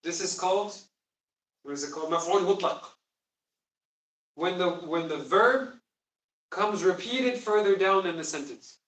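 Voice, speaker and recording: A man teaches a Quran class, explaining things emphatically and quizzing his students during the lesson. His voice is high-pitched and a bit bright, at a moderate pace with long pauses, picked up by a distant mic in an echoey room.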